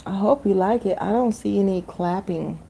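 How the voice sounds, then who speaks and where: A woman livestreaming who improvises a freestyle song with drawn-out sing-song repetitions, then chats casually. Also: mid-range voice, vocal fry, dark tone, husky, poor audio. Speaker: livestream host.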